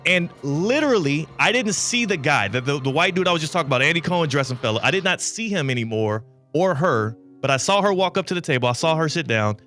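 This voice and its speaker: A man hosting a talk radio show, telling a long story with lively, animated delivery. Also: fairly high pitch, fast, hardly any pauses, faint music behind. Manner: lively anecdotal telling with bursts of laughter. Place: radio studio.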